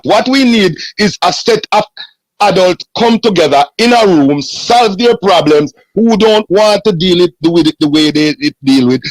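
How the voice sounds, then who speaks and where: A Jamaican man arguing hard on a sports podcast and refusing to give up the floor. His voice sits a little high. The sound is dry and close. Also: dry recording, rough recording. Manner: forceful, holds the floor. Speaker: podcast co-host. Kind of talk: heated casual sports debate.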